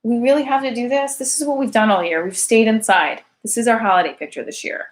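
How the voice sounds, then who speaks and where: A woman's voice: on the high side, quick pace. A woman in her thirties, a single mother doing a rambling comic monologue, chatty and full of fillers, with sarcastic self-mocking jokes.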